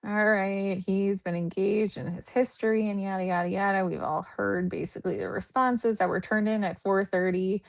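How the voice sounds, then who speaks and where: A woman's voice: medium pitch, fairly even intonation, moderate pace, hardly any pauses. A woman hosting a true crime livestream, chatting casually with sarcastic jokes.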